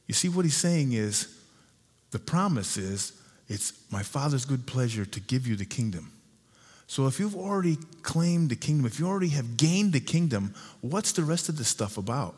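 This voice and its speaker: Husky-voiced pastor preaching in a reverberant hall. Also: male voice, medium pitch, a little mellow. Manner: earnest, repeats and slows key phrases. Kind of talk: sermon.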